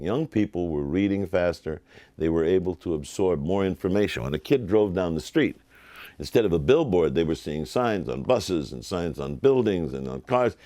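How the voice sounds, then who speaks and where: An older man, a television producer, telling lively anecdotes in an interview and acting out the voices of people he quotes. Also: low-pitched, dry recording. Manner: animated, acts out quoted voices.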